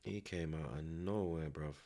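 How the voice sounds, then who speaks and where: A young streamer reacts live to a football match in a rumbling low voice that runs a little slow. He's animated and casual, speaking street slang and often tacking on tag questions.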